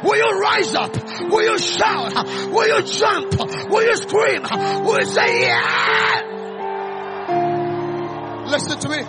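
A man preaching a call-and-response sermon at a church service, shouting exhortations and repeating phrases for the congregation to echo. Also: extremely high pitch, huge pitch swings, slow pace, few pauses, over loud music.

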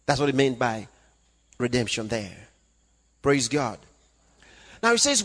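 A man preaching a sermon, reading scripture aloud and swinging between loud calls and hushed asides. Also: mid-range voice, very animated, unhurried, pauses often. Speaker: pastor. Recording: long hall reverb.

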